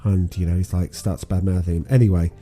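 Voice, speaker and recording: Rambling man with a dark voice. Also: low-pitched, fairly even intonation, quick pace, soft background music. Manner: rambling retelling with many ums and restarts. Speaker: podcast co-host. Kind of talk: casual film recap chat.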